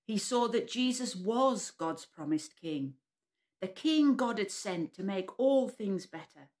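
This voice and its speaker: A woman's voice: medium pitch, animated, takes it slowly, a little mellow. A woman leading a preschool church session, telling a story to young children and leading them in call-and-response. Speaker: preschool worship leader.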